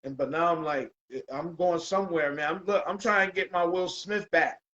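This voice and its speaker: A man hosting a casual chat show, relaxed and loose, dropping "bro" and "man" often. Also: a little high, normal speed, dull audio. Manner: laid-back, says "bro" and "man" a lot. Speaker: podcast host.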